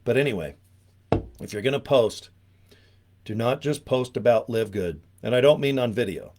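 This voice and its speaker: A man at an ordinary, middle pitch leads a loose network marketing training. He rambles and jokes, wandering into asides before he gets back to his point. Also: normal speed, noisy background. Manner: rambling, animated, joking, with frequent asides. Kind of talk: casual training talk.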